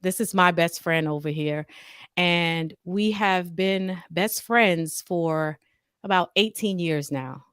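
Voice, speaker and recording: A woman, from Atlanta, answering as a podcast guest, nervous and halting with fillers. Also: lowish voice, a bit bright, smooth, dry recording, clean studio sound. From Atlanta, USA. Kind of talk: casual interview.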